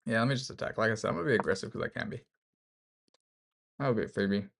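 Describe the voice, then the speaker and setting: A man's voice: on the low side, quick pace, vocal fry, fairly bright tone. A man with an Australian accent thinking aloud as he plays chess, joking and poking fun at himself. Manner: jokey, thinks aloud, self-mocking. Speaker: chess streamer. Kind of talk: casual commentary while playing online chess.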